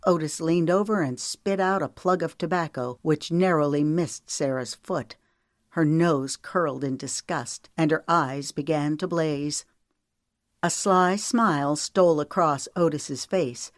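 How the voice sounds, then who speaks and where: A woman narrating an audiobook in a steady, measured reading style. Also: low voice, no room sound, studio quality.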